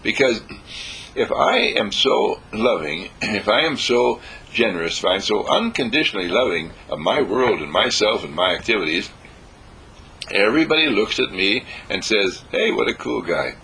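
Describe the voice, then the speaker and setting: A man's voice: on the low side, sing-song, moderate pace, sharp tone, rough recording. A man giving an inspirational lecture, exuberant and laughing often, building his points through repeated affirmations. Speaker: motivational speaker.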